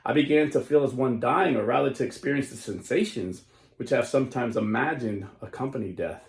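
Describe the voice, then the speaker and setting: A man's voice: medium pitch, gravelly. A man hosting a Catholic commentary show, reading a historical account dramatically and then explaining it plainly. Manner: slows and stresses lines when reading aloud, then explains plainly. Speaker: host of a Catholic commentary channel. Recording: roomy echo.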